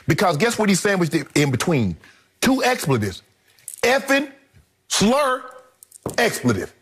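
A man's voice: high-pitched, huge pitch swings, a little slow, a bit bright, breathy edge. A middle-aged man giving heated, emphatic opinion commentary on a sports debate show, hammering his points home by repeating them.

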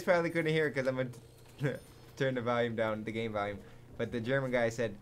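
A man giving live commentary over a zombie game, excitable and jumpy, swearing often and laughing at his own jokes. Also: mid-range voice, a little fast, a little hiss or hum. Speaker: gaming commentator.

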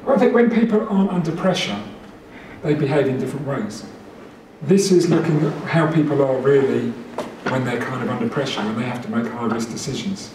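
This presenter, a man with a mid-range voice, talks briskly and conversationally to a meeting room in an animated way. His words echo strongly around the space, and the distant pickup carries clear background noise.

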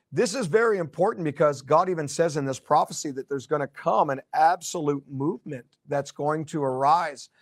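A male pastor delivers a prophetic sermon in a loose, conversational way, full of ums and doubled words, with playful asides to his listeners. His voice sits slightly higher than most men's. The sound is dry and close, with no room around it. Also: no echo. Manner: conversational with fillers and repeated words, joking asides.

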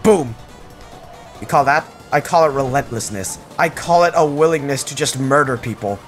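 A young man giving casual, jokey gameplay commentary, yelping excitedly when something surprises him. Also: mid-range voice, fairly quick, soft background music. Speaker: gaming channel host.

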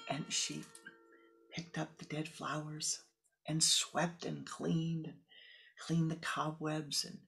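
Slow, low-voiced woman telling a parable. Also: vocal fry, low-quality recording. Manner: animated storyteller with hushed whispered asides. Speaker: spiritual teacher. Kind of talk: storytelling dharma talk.

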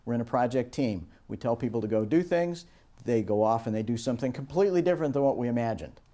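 A middle-aged man lecturing on teamwork, his tone mellow and relaxed. He tells stories and slips into higher voices for the people he quotes. His pitch sits at an ordinary middle height. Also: fast talker. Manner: storytelling, acts out quoted voices with raised pitch. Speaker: instructor. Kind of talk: recorded lecture on project teamwork.

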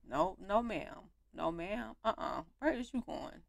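A young woman giving animated, slangy commentary while playing a life-sim game on her home mic. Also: a little high, slow pace, gravelly, no echo. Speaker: gaming YouTuber. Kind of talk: let's play commentary.

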